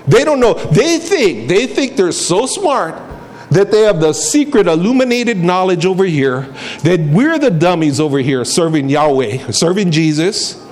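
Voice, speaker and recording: A male preacher giving an emphatic, storytelling sermon. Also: high-pitched.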